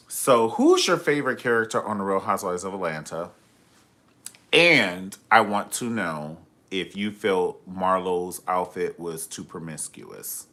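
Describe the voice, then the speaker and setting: Flamboyant guy on a live stream, sassy and cussing, voice swoops all over, kinda low. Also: animated, a little slow, sharp tone. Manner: sassy, flamboyant, keeps saying honey; profane, gossipy storytelling. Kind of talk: casual live-stream chat.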